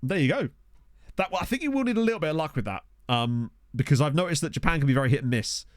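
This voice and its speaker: Lively chatty man streamer. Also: fairly high pitch, fast, dry recording, clean studio sound. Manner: chatty, excitable, talks to chat. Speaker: game streamer. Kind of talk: casual let's-play commentary. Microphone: desktop USB microphone.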